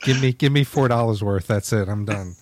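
A man co-hosting a podcast in casual chat, relaxed and joking, rambling with fillers as he talks. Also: fairly low pitch, a little fast, no room sound. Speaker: podcast co-host.

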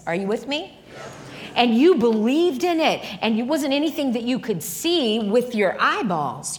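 A woman guest minister preaching a sermon. She speaks with animated energy and keeps calling out to the congregation. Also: a little high. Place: church service with a congregation.

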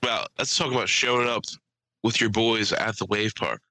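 Young man, casual podcast chat, crude humor, sharp bright voice, dry. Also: lowish voice, normal speed, dry recording, low-quality recording. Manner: storytelling with crude jokes and voiced impressions. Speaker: podcast co-host.

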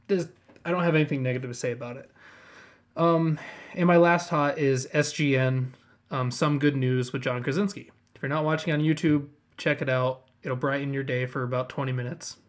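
A man's voice: medium pitch, steady tone, moderate pace. A man co-hosting a casual podcast, recommending things enthusiastically. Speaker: podcast co-host. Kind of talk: casual chat.

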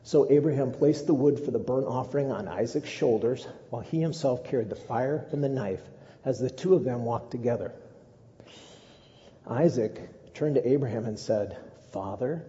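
Guy pastor preaching casual and jokey, dark mellow voice, dull muffled echoey recording. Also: mid-range voice, normal speed. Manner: conversational, with humorous asides. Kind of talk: sermon.

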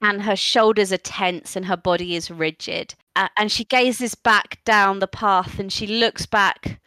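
A woman narrating a tabletop role-playing game as game master, lively and playful. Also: mid-range voice, a little slow, clean tone, no room sound, rough recording.

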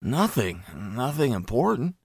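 A man's voice: mid-range voice, big pitch swings, unhurried, creaky, husky, no room sound, studio quality, heavily acted. A man voicing a tense male ex-Marine who gives hesitant, guarded answers under interrogation.

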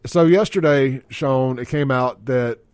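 A man's voice: mid-range voice, unhurried, darkish tone, smooth, no echo. A man hosting a radio talk show, brash and joking as he reads out the text line and phone line.

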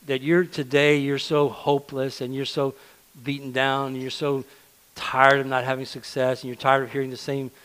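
A man's voice: mid-range voice, a bit bright, rough recording. Earnest man preaching a conversational sermon. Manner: conversational, earnest, repeats words when emphasizing.

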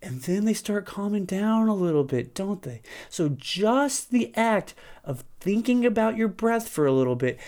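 A man's voice: sits high, expressive, moderate pace, few pauses, a little mellow. A man hosting a podcast, talking in a casual, conversational monologue. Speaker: podcast host.

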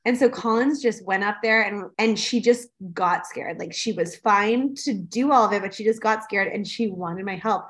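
A pregnant woman co-hosting a casual parenting chat, chatty and quick to laugh. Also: medium pitch, a bit bright. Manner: chatty, laughs often, adds disclaimers.

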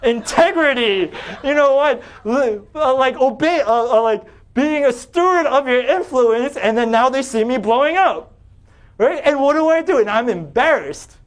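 Animated high-voiced male pastor. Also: moderate pace. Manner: animated, self-deprecating, often rising in pitch and volume when retelling anger. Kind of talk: sermon with personal storytelling.

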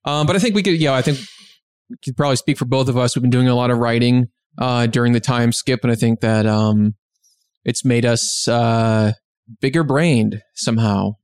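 A man's voice: medium pitch, normal speed, darkish tone, clean tone, no echo, studio quality. A man co-hosting a podcast, chatting casually and chiming in with easygoing agreement. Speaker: podcast co-host. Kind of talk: casual chat.

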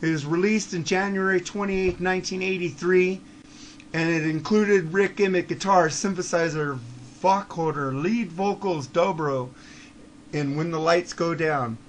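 A man with a high-pitched voice rants on his podcast, blunt and profane. He drops into low mutters, then builds to heated shouting, with faint ambient noise behind him. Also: a little slow. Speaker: podcast host. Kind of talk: ranting monologue.

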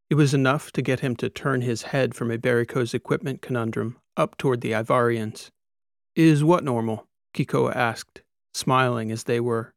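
Gravelly male audiobook narrator. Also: mid-range voice, no room sound, studio quality. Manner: steady storytelling. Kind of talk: scripted narration.

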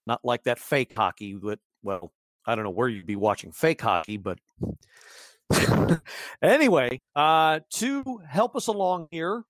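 A man's voice: medium pitch, animated, moderate pace, a bit bright, no room sound. A man hosting a casual podcast, rambling with many restarts and chuckles. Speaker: podcast host.

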